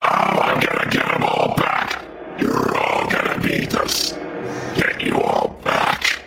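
A performer voicing a vengeful spirit who hisses slow, unvoiced threats. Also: pushed and bright, faint music behind. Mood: menacing.

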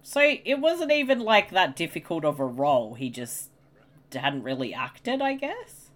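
Woman chatting over a movie, lowish voice, slow and wondering, lots of ups and downs. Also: big pitch swings, a bit bright. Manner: puzzled and questioning. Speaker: co-host. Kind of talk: casual movie commentary.

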